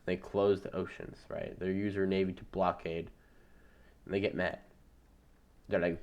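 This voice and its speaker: A man narrating an alternate-history map in a casual, jokey, rambling way, often tagging lines with "right?" and "boom". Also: level tone, unhurried, long pauses, darkish tone. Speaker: mapping channel narrator.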